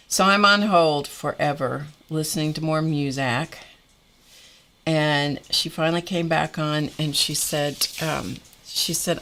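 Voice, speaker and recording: Slow, low-voiced woman telling a story. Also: fairly bright tone. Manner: wry, exasperated, laughs often. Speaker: host of a live art stream. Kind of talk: casual storytelling chat.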